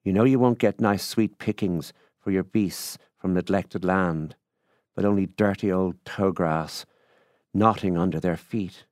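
A man putting on a genial middle-aged farmer, raised a good bit above the reader's own deep tone, louder and pushier, with a dry close sound. he coaxes and wheedles in a folksy country way and never lets up. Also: measured pace, no room sound. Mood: coaxing. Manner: coaxing, folksy, repeatedly says ma'am.

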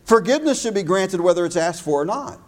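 High-voiced emphatic male pastor preaching. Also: lively intonation. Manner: emphatic preaching with slowed, stressed phrases. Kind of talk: sermon.

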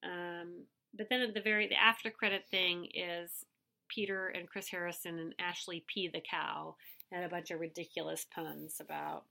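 A woman's voice: lowish voice, little pitch movement, moderate pace, vocal fry, sharp tone. A woman co-hosting a casual podcast, her voice sick, chatty and eager as she recaps a reality TV show. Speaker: podcast co-host.

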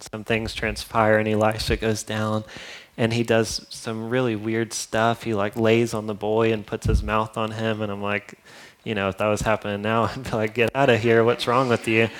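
A man delivers a sermon, retelling a Bible story in plain, conversational terms and turning now and then to his listeners. His voice sits low and stays fairly level in pitch. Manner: casual, conversational storytelling with asides to the congregation. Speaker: pastor.

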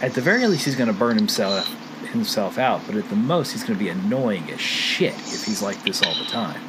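A man's voice: on the low side, big pitch swings, a little fast, heavy background noise. A man co-hosting a podcast in casual chat, ranting with exasperated complaints. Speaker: podcast co-host.

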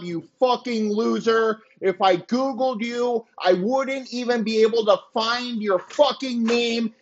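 High-voiced man on a profane rant. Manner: crude, boastful, insulting. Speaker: podcast host. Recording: dull lo-fi sound.

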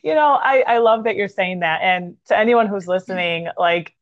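A woman's voice: mid-range voice, normal speed, no room sound. Encouraging woman host, dull dry sound. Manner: supportive, encouraging, giggly. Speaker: podcast host. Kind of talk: casual interview chat.

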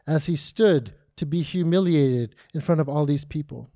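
High-voiced preacher guy, dramatic storytelling, drops quiet for big moments. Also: normal speed, hardly any pauses. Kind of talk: sermon.

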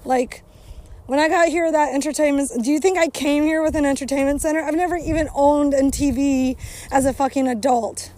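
A woman's voice: high voice, steady tone, brisk, mellow. A woman hosting a casual podcast outdoors, venting bitterly with constant profanity and breaking off to scold her dog. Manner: profane, bitter venting, talks to herself and the listeners. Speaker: podcast host. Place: outdoors near a cow pasture, walking a dog.

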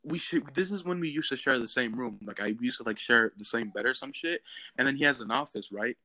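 A young man telling stories in a loose, casual chat. He is animated and swears a lot, with a mid-range voice that jumps into loud outbursts. The sound is close and dry, with no room echo. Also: mid-range voice, fairly quick. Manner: animated, profane, bursts of loud exclamation.

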